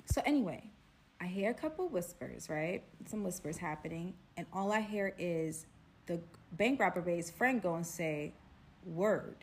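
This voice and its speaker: A woman's voice: lowish voice, expressive, moderate pace, a little mellow. A young woman from Brooklyn, telling a dramatic story in a chatty way, full of "like" and "right?". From Brooklyn, New York. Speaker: storyteller vlogger. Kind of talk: casual storytime.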